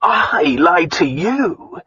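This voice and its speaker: A man voicing a gruff, arrogant nobleman. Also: a little high, animated, normal speed, fairly bright tone, no room sound, lo-fi sound. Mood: dry teasing. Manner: gruff, blunt, dryly teasing. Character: arrogant nobleman husband, gruff and dryly teasing. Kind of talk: audiobook dialogue.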